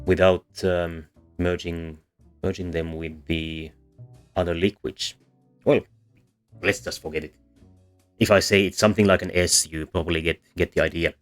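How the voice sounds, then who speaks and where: Deep-voiced man, halting lesson delivery. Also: fairly even intonation, soft background music. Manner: hesitant, many fillers and restarts. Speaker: language history explainer. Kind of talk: explanatory voice-over lesson.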